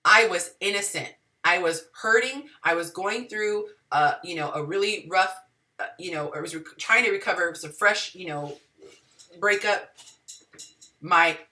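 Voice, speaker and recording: A woman's voice: bright, forceful tone, far from the mic. Dramatic, sassy woman giving dating advice. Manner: dramatic, sassy, acts out quotes with big pitch swings. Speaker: dating and relationship advice host. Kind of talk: animated monologue to viewers.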